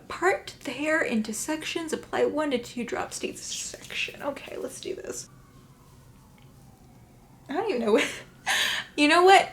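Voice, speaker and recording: A woman's voice: high-pitched, fairly bright tone, a little hiss or hum. A woman vlogging casually at home at night, chatty and playful, sometimes dropping to a whisper. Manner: chatty and playful, drops into whispers now and then. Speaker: beauty vlogger. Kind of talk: casual chat to camera.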